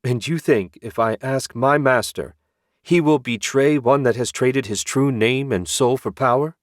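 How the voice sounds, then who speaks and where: In an audiobook, a man voices a cold, proud male necromancer lord with a haughty tone, speaking unhurriedly. His mid-range voice is pitched slightly above his own but stays close to an everyday voice. The sound is clean studio audio with no room sound.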